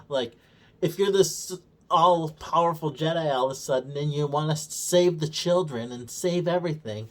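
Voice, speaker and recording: A man's voice: fairly high pitch, moderate pace. A man co-hosting a review show, recapping episodes in a casual, sarcastic way, swearing constantly and mockingly acting out the characters' lines. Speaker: show co-host reviewing a TV series.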